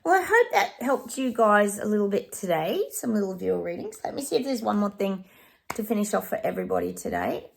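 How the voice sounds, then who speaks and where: A woman's voice: mid-range voice, wildly swooping pitch, a little fast, vocal fry, a little hiss or hum. A middle-aged woman, a psychic giving chatty readings straight to camera and calling her viewers guys. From Australia. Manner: chatty, addresses viewers as guys, sings snatches of songs. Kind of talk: casual direct-to-camera reading.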